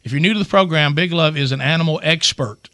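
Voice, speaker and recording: A man's voice: a little high, fast, no echo. A middle-aged man, hosting a radio show and telling a long family story with lots of restarts. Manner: animated storyteller, many restarts. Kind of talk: storytelling casual chat.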